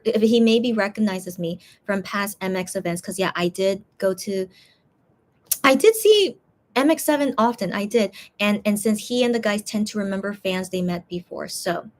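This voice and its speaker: A woman hosts a casual livestream, reading fan comments aloud and rambling between them. Her voice sits in a middle pitch and sounds tired, with loose, chatty restarts. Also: a little mellow. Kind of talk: casual chat.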